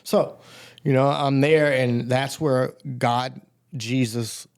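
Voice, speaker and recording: Man, Southern US, podcast guest, casual storytelling, rambling with restarts, acts out quoted voices, average pitch. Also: steady tone, slow, clear, resonant tone. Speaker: podcast guest sharing recovery testimony.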